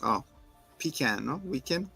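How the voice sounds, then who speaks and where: A man's voice: medium pitch, sing-song, unhurried, vocal fry, music in the background. A man co-hosting a casual chat, animatedly retelling a TV episode and acting out the characters' lines. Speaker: podcast co-host recapping a TV episode.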